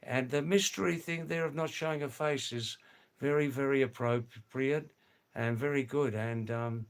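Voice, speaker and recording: An older man hosting a casual live stream from home, reading viewer comments in a slow, rambling way and repeating his words. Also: mid-range voice. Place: home in a small farming hamlet.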